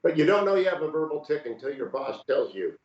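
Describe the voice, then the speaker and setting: With a fairly high, slightly mellow voice, a man in his sixties runs a conversational interview via video call, talking a little fast and very animatedly. His questions are direct and pointed, steering where things go. Picked up by a video call mic in a room, the audio comes across dull and roomy.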